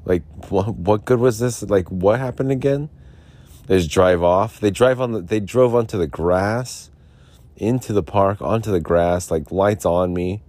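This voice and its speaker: A man's voice: lowish voice, measured pace, a little mellow. A man rambling sarcastically about a police ticket, tipsy and mumbling at times, recorded outdoors. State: tipsy, drinking beer. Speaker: podcaster telling a personal story. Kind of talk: rambling casual monologue. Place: outdoors, homeless.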